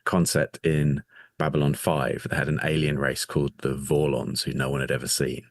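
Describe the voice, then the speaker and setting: Man, very deep voice, nerdy podcast co-host, dry close sound. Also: little pitch movement, moderate pace, no room sound. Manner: nerdy, reads out facts. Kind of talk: casual chat.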